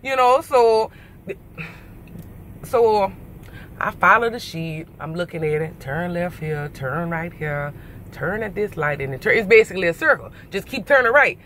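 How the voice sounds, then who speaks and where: A woman truck driver chats to her camera from the cab and tells a story in a bright, clear voice. She is animated and frank, jokes and swears a little, and acts out each person she talked to. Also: lowish voice, unhurried, slight background noise. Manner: frank and joking, with mild swearing. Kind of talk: casual storytelling vlog.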